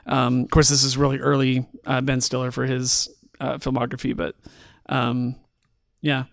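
A man's voice: mid-range voice, completely flat delivery, moderate pace, creaky, no echo, clean studio sound. A young man co-hosting a movie podcast, chatting casually with rambling enthusiasm. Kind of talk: casual chat.

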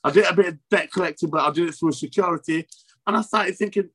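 A young man tells his story in an interview, his voice sitting a little high for a man. He talks in halting, repetitive bursts and swears constantly. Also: a bit bright. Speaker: interview guest. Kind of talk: emotional personal story.

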